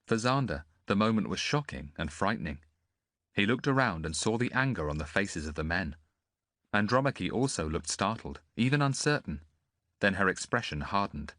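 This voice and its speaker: Male audiobook narrator, deep voice, lively intonation, dry close sound. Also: moderate pace, no echo.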